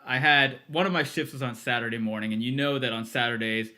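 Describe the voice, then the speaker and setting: Bright, animated man telling stories. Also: mid-range voice, fast. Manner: animated storyteller, laughs often, acts out quotes. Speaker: podcast guest, music producer. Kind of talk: casual interview storytelling.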